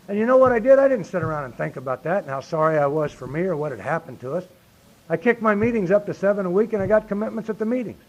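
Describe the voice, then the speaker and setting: A man's voice: high voice, animated, fast talker. A middle-aged man speaking earnestly at a recovery meeting, often saying "you see" and building to emphatic points. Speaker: speaker sharing his recovery story. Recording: lo-fi 1990s meeting tape.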